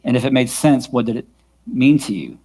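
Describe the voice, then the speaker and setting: Brisk and warm, a man with medium pitch and lively intonation teaches a church worship team in a vocal workshop. The worship music instructor stays patient and frequently checks that the group is following, his own guitar playing in the background.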